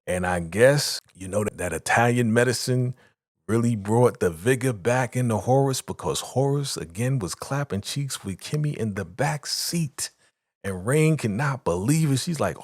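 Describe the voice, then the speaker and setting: Animated man recapping a show. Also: mid-range voice, normal speed, no room sound, clean studio sound. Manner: animated retelling, acting out characters' lines. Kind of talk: casual episode recap.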